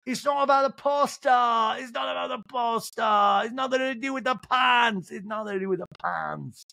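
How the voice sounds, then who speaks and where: A man's voice: high voice, very animated, normal speed, gravelly, fairly bright tone, no echo, studio quality, pitched above the performer's own voice, heavily acted. A man doing a mocking impression of an indignant, prissy society woman who shrieks and repeats herself.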